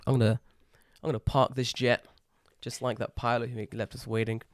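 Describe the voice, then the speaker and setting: A young man, co-hosting a casual podcast, telling animated stories and swearing freely. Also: mid-range voice, moderate pace, dry recording, clean studio sound. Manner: lively storyteller, swears freely, impersonates friends. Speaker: podcast co-host.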